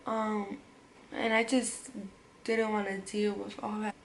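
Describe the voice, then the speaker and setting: A woman's voice: mid-range voice, little pitch movement, slow pace, vocal fry, a little hiss or hum, low-quality recording. A young woman telling a personal story on her vlog in casual, slangy talk, full of fillers and restarts, sometimes dropping to a whisper. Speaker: vlogger.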